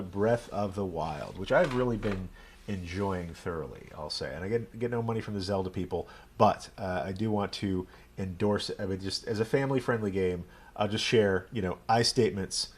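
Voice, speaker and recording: Chatty Texan rabbi streaming live. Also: male voice, lowish voice, slightly rough. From Texas. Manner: rambling, chatty, self-deprecating. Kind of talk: casual live-stream chat.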